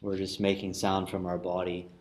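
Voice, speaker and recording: A man teaching a lesson, explaining word roots slowly with many pauses and restarts. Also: low voice, monotone. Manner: slow and searching, many fillers and restarts; chants Sanskrit verse loudly in a sung tone. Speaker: yoga philosophy teacher. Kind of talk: lesson with call-and-response chanting.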